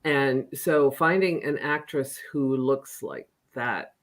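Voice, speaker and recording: A middle-aged woman, an author guest, talking casually and hesitantly, with many pauses and restarts. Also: rumbling low. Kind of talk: casual interview chat.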